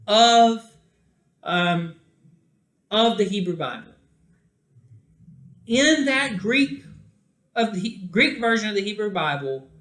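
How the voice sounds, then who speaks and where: A man teaching a classroom Bible lesson, speaking deliberately and stretching key words for emphasis. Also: high-pitched, a bit bright, reverberant.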